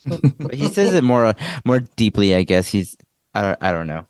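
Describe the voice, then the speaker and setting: A man's voice: fairly low pitch, sing-song, moderate pace, darkish tone, dry recording. A man co-hosting a podcast, rambling and laughing as he recaps a film in casual chat. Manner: rambling, self-interrupting, laughs often. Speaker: podcast co-host. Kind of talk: casual movie discussion.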